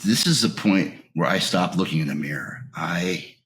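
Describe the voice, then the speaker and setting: Speaking as an interview guest, a man shares his recovery story with raw feeling, his slightly bright voice moving at a moderate pace. It swells when anger returns and falls to almost a whisper at the bottom points.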